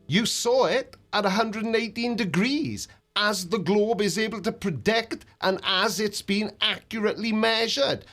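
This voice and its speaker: A man's voice: high-pitched, measured pace, few pauses, pushed and bright, faint music behind. A man hosting a reaction video, mocking and sarcastic in his commentary.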